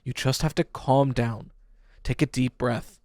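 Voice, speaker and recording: A man voicing a calm, concerned male teacher in an audiobook, talking reassuringly. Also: mid-range voice, unhurried, no echo, clean studio sound, natural voice. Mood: soothing. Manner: soothing, reassuring.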